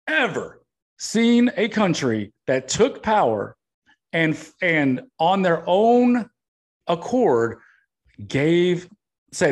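A man's voice: high-pitched, big pitch swings, very slow. A man hosting a podcast, ranting bluntly about politics and swearing often. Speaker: podcast host. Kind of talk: political rant.

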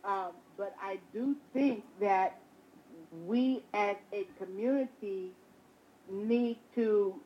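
A woman, a mother, talking casually in conversation, animated and often restarting her sentences. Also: mid-range voice, slow pace, highs cut off. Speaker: guest, mother.

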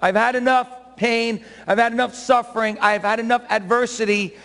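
A man's voice: very high-pitched, fairly even intonation, normal speed, a bit bright. A middle-aged man preaching a sermon as pastor, emphatic and full of rhetorical questions to the congregation. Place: church sanctuary. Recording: reverberant church hall.

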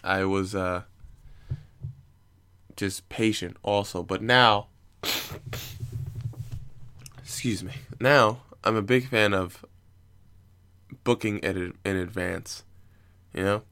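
A young man with a fairly low voice tells stories in a loose, rambling way. His tone is smooth and clear. He swears freely and breaks into laughs at his own jokes. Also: takes it slowly, long pauses, pushed and bright. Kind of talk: casual comic storytelling.

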